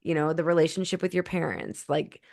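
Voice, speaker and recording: A woman's voice: deep voice, steady tone, brisk, a little mellow. A woman co-hosting a podcast, thanking her guest and responding in an affirming, thoughtful way. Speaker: podcast co-host. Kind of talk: conversational interview.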